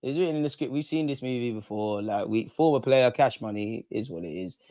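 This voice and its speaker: Fairly quick and mid-range, his voice has a dark tone and no echo around it. The young man hosts a live football watch-along, throwing out slang, banter and lots of swearing as he reacts to the game.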